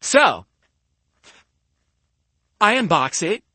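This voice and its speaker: Man, emphatic streamer, slightly high voice, dry close-mic sound, casual talk. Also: sing-song, drawn-out words, bright, forceful tone, husky, no echo. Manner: emphatic, argumentative, keeps asking "okay?". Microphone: studio podcast mic close up.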